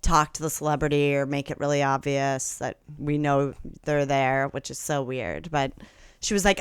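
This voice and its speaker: Young comedian guest, lower-pitched woman, smooth clear voice, dry close sound, lively anecdote with acted-out quotes. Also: normal speed, dry recording. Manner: animated, acts out quoted voices, laughs often. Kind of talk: casual storytelling on a podcast.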